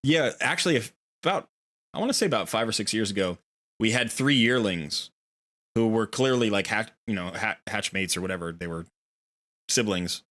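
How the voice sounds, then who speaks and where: A man's voice: fairly low pitch, lively intonation, normal speed, fairly bright tone. A man hosting a casual game livestream, chatting and telling a long rambling story with playful voiced asides. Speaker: game streamer. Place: home room near a window.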